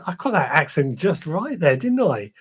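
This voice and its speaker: Chatty man, slightly high voice. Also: sing-song, moderate pace, breathy edge. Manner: chatty, rambling, self-correcting. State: a little tired. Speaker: podcast host. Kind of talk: live-stream chat reading viewer comments.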